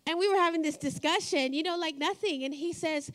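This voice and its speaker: High-voiced woman preaching a storytelling sermon. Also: fairly quick. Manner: warm storytelling, laughs often. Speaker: pastor. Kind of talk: sermon with personal stories.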